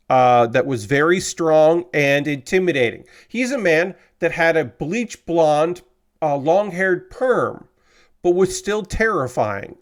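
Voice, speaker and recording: Clear-voiced man chatting on stream. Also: medium pitch. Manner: halting, heavy on filler words. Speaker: livestream host. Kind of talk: casual livestream talk.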